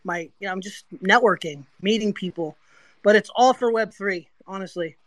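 A man with a high voice, recorded dry and close, rambling earnestly. He talks in loose, restarting sentences. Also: moderate pace, a bit bright, no echo. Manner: rambling, earnest, self-promoting. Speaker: guest speaker. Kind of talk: casual online voice chat.

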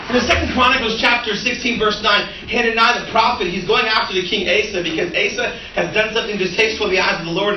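A man preaching as a pastor, an animated storyteller who laughs and acts out the dialogue. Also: high voice, muffled recording, background noise. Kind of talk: sermon with storytelling. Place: church sanctuary. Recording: echoey room from a distant mic.

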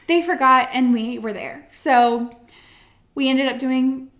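A woman's voice: high voice, takes it slowly, echoey room. Chatty woman telling a story. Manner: animated storyteller, acts out quotes, many "like" fillers. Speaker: podcast co-host, event florist. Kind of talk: casual storytelling chat.

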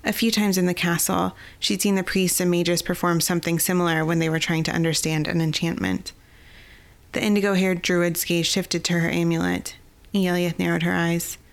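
A woman narrating a fantasy novel in a steady, even storytelling voice. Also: on the low side, moderate pace. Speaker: audiobook narrator.

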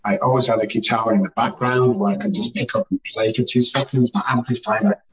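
A man speaks with insistent emphasis, circling back to the same phrase to drive each point home. His voice sounds set back from the microphone and comes through dull and muffled, like a remote call. He talks at an ordinary middle pitch. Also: steady tone, brisk, a little hiss or hum. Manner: emphatic, repeats phrases for effect. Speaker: guest, addiction recovery speaker. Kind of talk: conversational interview storytelling. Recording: distant, muffled remote audio.

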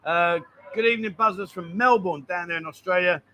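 A man hosts a casual live stream, talking at a fairly high pitch for a man. He chats easily, reads out viewers' greetings and trades banter with his co-host. A faint ambient hum sits behind him. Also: a little fast, bright, forceful tone. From England.

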